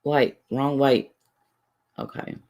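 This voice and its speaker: A woman's voice: extremely low pitch, fairly even intonation, takes it slowly, a little mellow. A woman, chatting casually on a livestream, rambling defensively and reading viewers' messages aloud. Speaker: livestream host.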